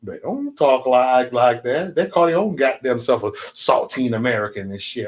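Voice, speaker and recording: A man hosting a casual livestream chat, talking in a profane, animated way and slipping into mocking impressions. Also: medium pitch, brisk, few pauses. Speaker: channel host.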